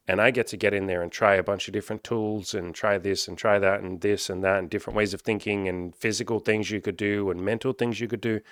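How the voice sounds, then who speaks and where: Low-voiced man talking candidly, dry sound. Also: no echo. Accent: Australian. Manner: candid, animated, swears freely, acts out quoted voices. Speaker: life coach and content creator. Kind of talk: casual talking-head monologue.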